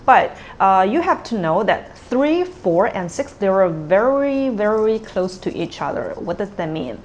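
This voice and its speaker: A woman teaching tones in a patient, unhurried way, modelling each word twice. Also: mid-range voice, very animated, darkish tone, highs cut off, a little hiss or hum. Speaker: Cantonese teacher. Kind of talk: tone pronunciation lesson.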